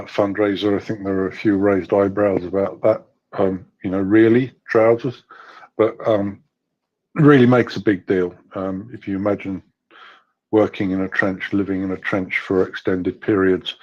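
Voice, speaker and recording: A man's voice: lowish voice, a little mellow. A man speaking in a live audio chat, upbeat and emphatic as he talks about a fundraiser. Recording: dull, lo-fi online audio.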